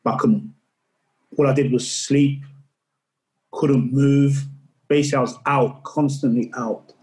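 A man's voice: medium pitch, steady tone, a little slow, mellow, rough recording. A middle-aged man, a podcast guest, tells a personal story in earnest and often repeats words as he recalls it. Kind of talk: candid interview storytelling.

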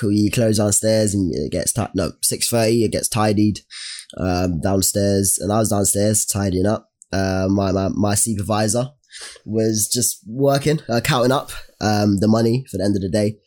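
A man's voice: lowish voice, normal speed. Young man telling a story. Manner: animated storytelling with slang and restarts. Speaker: podcast co-host. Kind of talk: casual chat.

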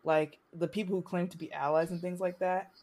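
A young woman, a student, speaking candidly in conversation, impassioned and halting, with frequent restarts. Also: fairly low pitch, steady tone, a little mellow. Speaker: student sharing experience.

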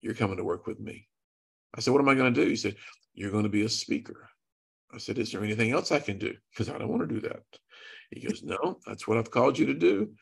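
A man tells his story with earnest drama, acting out each exchange. His voice sits low and gravelly, with a husky edge to it. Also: quick pace. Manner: earnest, dramatic retelling with quoted dialogue. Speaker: guest speaker. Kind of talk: storytelling testimony.

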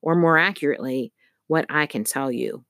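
A nervous, jittery librarian man in a storybook reading, whispering fast and anxious and slipping in bad puns, as a woman puts him on. He sounds close and dry. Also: very deep voice, vocal fry, a bit bright, no room sound, exaggerated voice. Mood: earnest.

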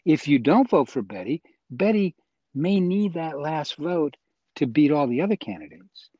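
A man's voice: fairly high pitch, big pitch swings, moderate pace, no room sound, lo-fi sound. A man interviewed as a guest, earnestly and persuasively explaining his views in a conversational way. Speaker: interview guest, voting reform advocate.

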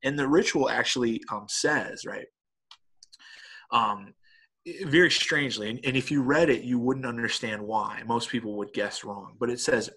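A man's voice: medium pitch, moderate pace, breathy edge. A middle-aged man in a casual conversation, telling stories animatedly and tagging his points with "right?". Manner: animated storyteller with many "right?" tags.

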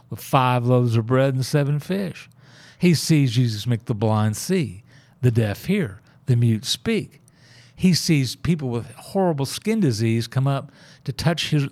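A man with a drawl tells a Bible story the way he'd chat on a porch, folksy and easygoing. He slips into the voices of the people he quotes. His pitch sits in a plain middle range. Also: a little mellow. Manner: folksy, conversational, acts out quoted lines. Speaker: church member sharing his faith story. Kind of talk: casual testimony and Bible storytelling.

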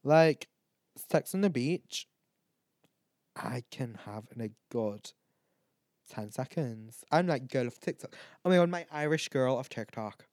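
A man's voice: mid-range voice, expressive, a little slow, long pauses, a little mellow, no echo, clean studio sound. A tipsy man, chatting loosely and swearing as a podcast host. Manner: rambling, chatty, swears a lot, laughs at himself. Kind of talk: casual drunk chat, ranking canned cocktails.

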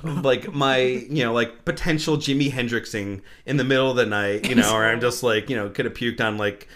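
A man's voice: medium pitch, a little fast, a bit bright. Rambling young man telling a story. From United States. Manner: rambling, fills with "like" and "you know"; laughs while telling, acts out his own lines. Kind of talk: casual storytelling chat.

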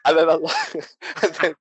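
Chatty man, slightly high voice. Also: husky, no room sound, low-quality recording. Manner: chatty, halting restarts, laughs often. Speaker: podcast guest, viewer of the stream. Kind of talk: casual podcast chat.

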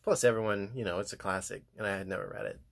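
A man's voice: deep voice, sing-song, fast talker, gravelly. A young man co-hosting a podcast, chatting casually with dry, wry teasing. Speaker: podcast co-host. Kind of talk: casual couple chat.

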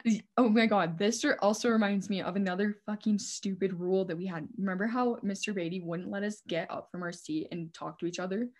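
A young woman in casual conversation tells stories with lots of energy and frequent swearing. Her voice sits at a middling pitch for a woman. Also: a little fast, few pauses. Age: young adult. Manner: animated storytelling, swears a lot. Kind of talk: casual chat.

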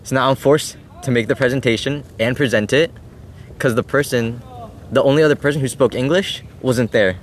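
A teenage boy speaks quickly in a mid-pitched voice, grumbling about his classes. Faint outdoor noise lingers around him. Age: teens. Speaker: podcast co-host. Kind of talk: casual chat.

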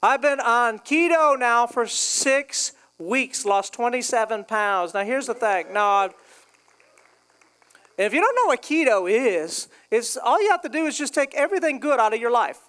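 A man's voice: extremely high pitch, animated, measured pace, a bit bright, clear, resonant tone. A male pastor preaching a sermon in a casual, joking way, acting out quoted voices. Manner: jokey, conversational, acts out quoted voices. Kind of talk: humorous sermon.

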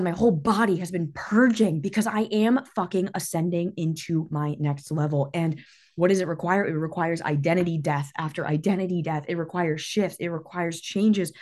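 A low-pitched, slightly mellow woman's voice carries a solo motivational talk from a podcast host and business coach. She swears freely, presses her points with intensity, and sounds shaky with emotion.

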